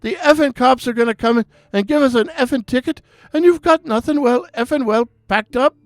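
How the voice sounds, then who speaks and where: A man voicing a foul-mouthed young Irish bartender in an Irish accent, ranting and swearing without pause. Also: extremely high pitch, dry recording, voice pushed up. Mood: exasperated rant. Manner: ranting, swearing constantly in minced words.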